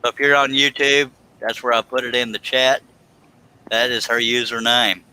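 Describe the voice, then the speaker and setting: A man's voice: mid-range voice, steady tone, normal speed, pushed and bright, clear, resonant tone, rough recording. A man hosting a live stream from his workshop, joking and affectionate in casual chat.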